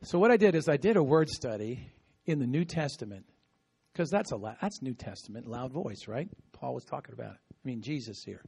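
A man preaching a sermon in an animated, talkative way, calling on the congregation to respond. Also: mid-range voice, fairly quick, gravelly, husky. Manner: animated, talkative, with bursts of laughter and call-and-response. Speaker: pastor. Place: outdoor gathering with insects audible. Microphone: no microphone at times.

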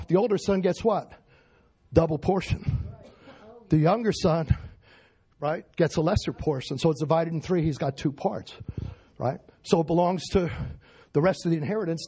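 A man preaches a lively sermon with a husky, fairly high voice. He talks emphatically and keeps asking his listeners questions. He shifts between raised intensity and quieter stretches. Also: normal speed. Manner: emphatic, asks the congregation questions.

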